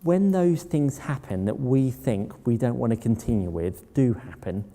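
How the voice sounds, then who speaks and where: In a warm, animated voice of medium pitch at normal speed, a public speaker delivers a storytelling talk full of plainly told personal anecdotes. The recording has a long hall reverb.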